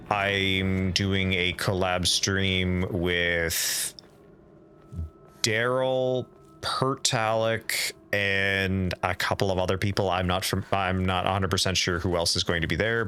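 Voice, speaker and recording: A low-pitched man with a sharp tone streams a game live, reading in-game documents aloud and chatting with viewers in a rambling, casual way. A little hiss or hum sits under the recording.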